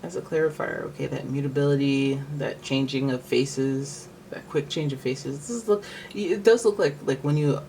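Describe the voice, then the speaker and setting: A man's voice: medium pitch, normal speed, creaky, few pauses, a little mellow, rough recording. Guy rambling through a tarot reading, lots of likes and restarts, hissy background noise. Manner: rambling, thinking aloud with many likes and restarts. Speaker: tarot reader.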